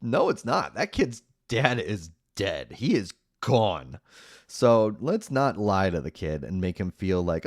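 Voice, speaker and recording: A man's voice: fairly low pitch, big pitch swings, slow, no echo, clean studio sound. A man hosting a podcast, casually recapping a movie in a rambling way, full of "like" fillers and wry, sarcastic asides.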